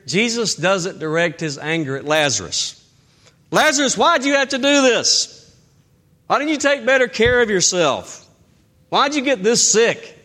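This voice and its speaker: A male pastor delivering an impassioned sermon outdoors, his voice sitting a little higher than most men's. He builds to loud, urgent peaks, then falls back to a low, quiet intensity. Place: outdoors in the wind.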